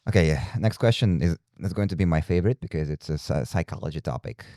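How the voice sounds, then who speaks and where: A man's voice: deep voice, fast talker, warm tone, dry recording, clean studio sound. A man hosting a podcast in casual chat, talking hesitantly and restarting his sentences often. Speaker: podcast host.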